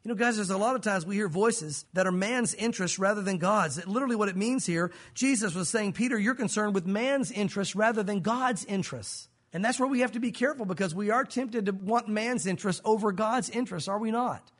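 A male pastor preaching a sermon, lively and acting out voices as he teaches. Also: high-pitched, quick pace, hardly any pauses. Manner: animated, acts out voices in his teaching.

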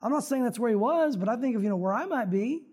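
A man's voice: very high-pitched, animated, fast talker, a little mellow. A male pastor preaching a conversational sermon, talking straight to the congregation and acting out prayers in dramatic voices.

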